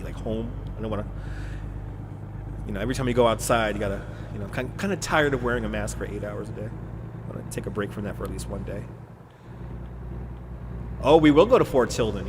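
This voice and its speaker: A man in his thirties from the United States, hosting a live stream in casual, rambling chat, sarcastic and swearing, with frequent chuckles. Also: fairly low pitch. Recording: roomy reverb with steady noise.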